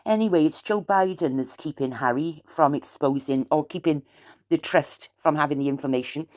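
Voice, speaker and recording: Late at night, a South Welsh vlogger chats to camera in a wandering, rambling way, dropping in aggrieved asides. She is from South Wales, and her voice is low-pitched and darkish, with a moderate pace.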